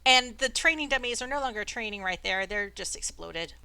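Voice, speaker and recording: A woman runs a tabletop game over voice chat, her voice bright and close in a dry space. She narrates casually and hesitantly, filling gaps with ums and uhs. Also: on the high side, lively intonation, a little fast, vocal fry, clear, resonant tone, dry recording. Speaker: dungeon master. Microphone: online voice chat.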